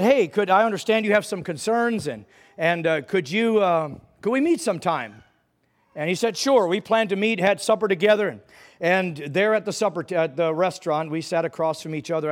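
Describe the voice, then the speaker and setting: High-voiced man preaching a personal testimony. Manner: earnest, repeats phrases, rises to fervent pleading. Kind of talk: testimony sermon.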